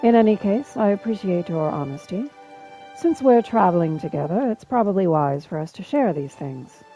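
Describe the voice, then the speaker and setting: A woman's voice: fairly low pitch, lively intonation, moderate pace, mellow, faint music behind, poor audio. A woman voicing a courteous, inquisitive male scholar in a fantasy game, using an attempted British-sounding accent. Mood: polite curiosity. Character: male elf scholar, polite and probing.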